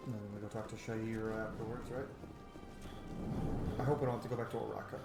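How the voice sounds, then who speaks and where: A man commenting casually on the game he plays, goofy and excitable, with lots of joking asides. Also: on the low side, fast, gravelly, roomy sound, over loud music. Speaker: game streamer. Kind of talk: casual commentary over gameplay.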